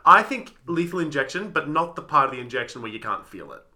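A man co-hosting a casual podcast, talking fast in a bright, sharp voice. He jumps up and down in pitch as he throws out blunt, teasing jokes. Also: sing-song. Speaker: podcast co-host. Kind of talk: casual chat.

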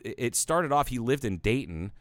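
A man's voice: medium pitch, normal speed, dry recording. A man co-hosting a podcast, telling rambling, profane stories in casual chat. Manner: rambling, profane storytelling with animated quotes. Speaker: podcast co-host.

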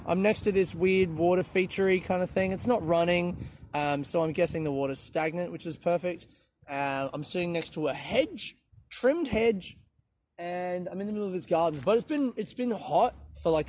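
A man's voice: sits high, a little mellow, slight background noise. A man hosting his own podcast in casual solo chat, rambling, swearing freely and poking fun at himself while sitting in an outdoor city garden without his proper microphone. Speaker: podcast host. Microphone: no proper microphone, lower-quality recording.

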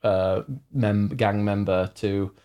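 A man's voice: lowish voice, flat delivery, takes it slowly, dark tone, smooth. A man, a streamer co-hosting a gaming podcast, chatty and rambling, reading out viewer comments. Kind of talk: casual gaming chat.

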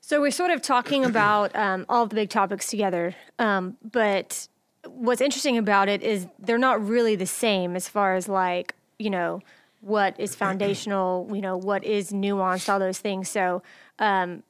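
A woman's voice: mid-range voice, steady tone, moderate pace, clear, resonant tone, no echo. A woman hosts a casual podcast, with a mid-range voice and a conversational manner. The sound is dry and close. She talks easily with her guests. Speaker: podcast host.

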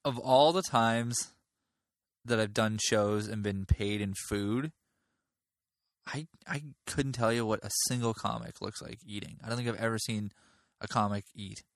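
A man's voice: lowish voice, measured pace, dry recording, studio quality. A man in his thirties, a comedian guest chatting casually, laid-back and rambling, laughing easily. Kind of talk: casual chat.

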